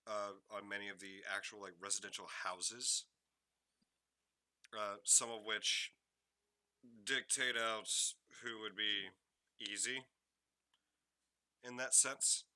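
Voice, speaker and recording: A man narrating as game master for a tabletop game, relaxed and conversational with many fillers. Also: on the low side, slow, long pauses, dry recording.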